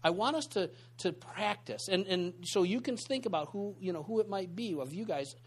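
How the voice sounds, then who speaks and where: At a normal pace and with a breathy edge, a high-voiced man delivers an easygoing sermon in a church meeting room. He spins lively stories for the group, often breaking off into asides or starting over, which keeps the teaching informal and conversational.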